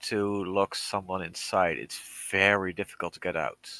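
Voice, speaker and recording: A man playing a tabletop game, sly and deliberate in his questions. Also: sits low, steady tone, pushed and bright, no echo. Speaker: player. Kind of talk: casual tabletop play.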